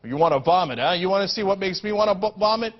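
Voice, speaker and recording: Male host, sarcastic and fired up, high voice that swings wide, slightly muffled lo-fi recording. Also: animated, fast talker. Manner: sarcastic and indignant, mocking in asides. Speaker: political commentary host. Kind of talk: heated political commentary.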